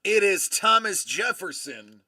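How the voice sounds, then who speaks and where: A man's voice: high voice, big pitch swings, a little slow, pushed and bright. A man in his forties hosting a live card-opening stream, casual and playful with teasing jokes. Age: 40s. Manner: playful, teasing, jokey sign-offs.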